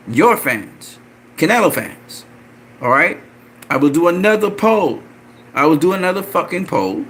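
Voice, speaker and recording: A man angrily ranting about boxing, profane and repetitive, with mocking jumps in his voice. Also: a little hiss or hum. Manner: animated, mocking pitch jumps. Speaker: boxing commentator. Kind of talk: ranting commentary.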